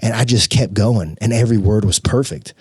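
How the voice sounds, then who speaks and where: A man telling a personal story as a podcast guest in an earnest, animated, casual way. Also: fairly low pitch, fairly quick, slightly rough, no echo, clean studio sound. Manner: earnest, animated storyteller who says "dude".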